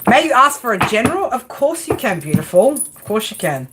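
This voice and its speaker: A woman's voice: on the high side, sing-song, fairly quick, background noise. Profane, laughing tarot streamer woman. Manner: casual, profane, laughs often, talks back to chat. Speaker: tarot reader. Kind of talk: live stream tarot reading, chatting with viewers.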